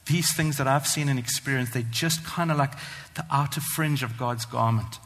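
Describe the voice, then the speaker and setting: A man preaching a sermon, earnest and emphatic, slowing down to stress the scripture he reads. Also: medium pitch, fairly bright tone. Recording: long hall reverb.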